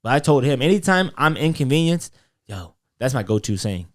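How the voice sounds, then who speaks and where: A man's voice: medium pitch, sing-song, fairly quick. A young man co-hosting a podcast, telling a story in casual chat with loose fillers and quoted voices. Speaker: podcast co-host.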